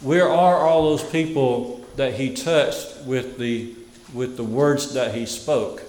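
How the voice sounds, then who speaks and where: Guy preaching slow, repeats his big words then goes quiet, sounds like a roomy church from a bit off. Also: mid-range voice. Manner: repeats key phrases, dropping to a hush. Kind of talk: sermon.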